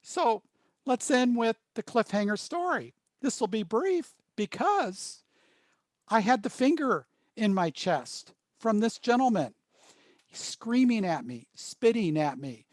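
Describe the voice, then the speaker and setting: High-voiced male workshop trainer. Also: lively intonation, no echo. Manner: storytelling, pausing in short phrases. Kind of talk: workshop presentation.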